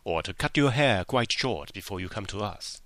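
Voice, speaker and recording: A man's voice: lowish voice, animated, normal speed, a bit bright, no echo. A man reading a coaxing, pushy employer. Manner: coaxing, repeats himself, ends on "eh?". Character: jovial, pushy middle-aged male employer.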